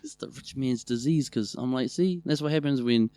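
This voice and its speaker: A man with a New Zealand accent, co-hosting a podcast and telling family stories in a loose, animated way, with a lot of swearing. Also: mid-range voice, moderate pace, dry recording. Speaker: podcast co-host. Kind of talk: casual storytelling chat.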